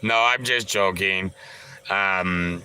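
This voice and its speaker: A man chats with his viewers on a live stream, taking his time over each thought. His voice is very bright and a little tense, and his talk rambles loosely with filler sounds and casual swearing. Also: deep voice, slow pace, slight background noise, low-quality recording. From Canada. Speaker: livestreamer.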